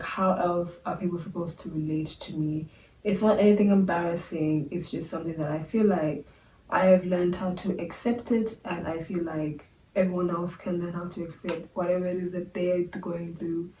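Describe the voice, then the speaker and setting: A woman's voice: lowish voice, mellow, a little hiss or hum. Young woman vlogging in a roomy space. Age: young adult. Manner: chatty, filler-heavy, candid. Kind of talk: casual talk to camera. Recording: roomy sound, a bit far from the mic.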